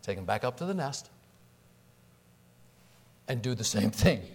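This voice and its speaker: A man preaching a sermon, acting out the voices he quotes and swinging between loud emphatic lines and low hushed ones. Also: big pitch swings, unhurried. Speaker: pastor.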